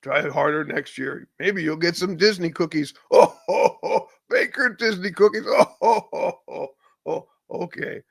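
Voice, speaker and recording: A man's voice: high-pitched, vocal fry, husky, dry recording, heavily acted. A man doing a jolly teasing Santa Claus. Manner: slow, drawn-out, chuckling delivery. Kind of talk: live stream comedy bit.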